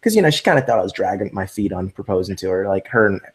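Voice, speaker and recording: Speaking very fast in a deep voice, this male interview guest relaxes into a story, acting out quoted lines with animation and scattering fillers throughout.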